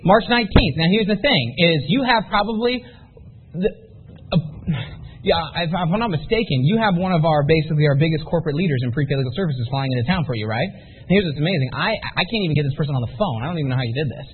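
A man with a high, slightly husky voice delivers a rapid, energetic motivational talk to a live audience. He keeps asking the room questions and pushing them to commit. The sound is thin and tinny, like a phone line. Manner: energetic, rhetorical, quizzes the audience. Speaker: motivational business speaker. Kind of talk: live sales seminar pep talk.

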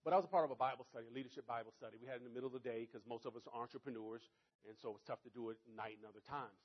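A man giving a motivational speech to an audience, telling a story in an animated, conversational way. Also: medium pitch, racing, lo-fi sound. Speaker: motivational speaker.

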